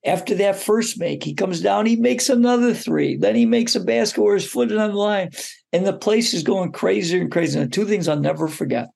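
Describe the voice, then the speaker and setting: A man, a basketball coach, telling a story as a guest in an interview, lively and often putting questions to the listener. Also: high-pitched, a little fast, gravelly, slightly rough. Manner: animated storyteller who poses questions to the listener.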